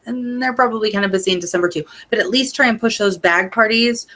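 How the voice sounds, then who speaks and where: A woman's voice: medium pitch, quick pace, fairly bright tone. A young woman giving a casual motivational talk to her sales team, chatty with many fillers, earnest and openly emotional. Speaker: independent sales consultant.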